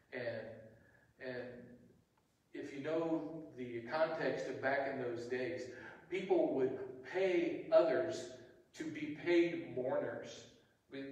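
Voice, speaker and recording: A man's voice: mid-range voice, slow, darkish tone. A man preaching a sermon as pastor, telling the story conversationally with frequent restarts. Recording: echoey hall, distant mic.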